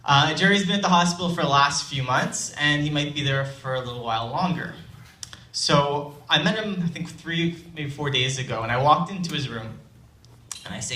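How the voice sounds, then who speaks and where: A young man tells a personal story on stage in a chatty, self-deprecating way, often restarting his phrases. His voice is bright and forward. The sound is roomy and picked up from a distance. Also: fairly high pitch, moderate pace. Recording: roomy live hall, distant mic, faint ambience.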